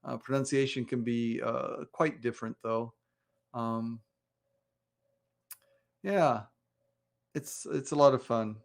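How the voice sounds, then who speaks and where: A man's voice: medium pitch, steady tone, slow, creaky, pauses often. An American man talking casually to camera in a vlog, rambling with many fillers and restarts. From United States. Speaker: vlogger. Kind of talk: casual spoken monologue.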